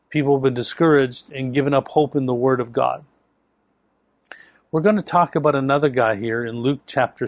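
A man's voice: medium pitch, dry recording. A man preaching a sermon, telling a story with emphatic delivery. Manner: storytelling with acted quotes, emphatic.

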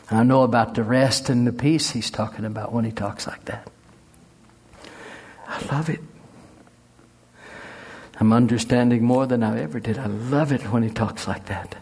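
A man's voice: medium pitch, creaky, darkish tone, husky. A middle-aged man preaching a sermon and leading a spoken prayer, folksy and conversational, rising into fervent emphasis.

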